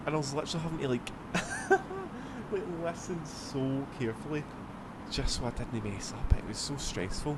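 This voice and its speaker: A man's voice: medium pitch, sing-song, normal speed, very noisy. A man with a Scottish accent, rambling casually as he streams a flight sim, swearing now and then. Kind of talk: casual gameplay commentary.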